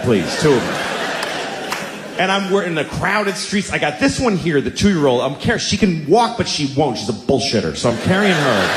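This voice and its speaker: A middle-aged man performing stand-up comedy, telling stories in a blunt, exasperated, deadpan way on a club stage. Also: high voice, background noise. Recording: roomy club, crowd laughter.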